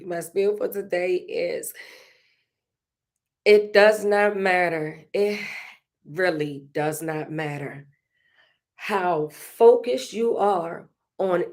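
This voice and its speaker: A woman hosting a casual, reflective monologue, emotional and repeating herself, with frequent laughs. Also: medium pitch. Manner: conversational, slow, emotional, laughs often, repeats phrases. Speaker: podcast host.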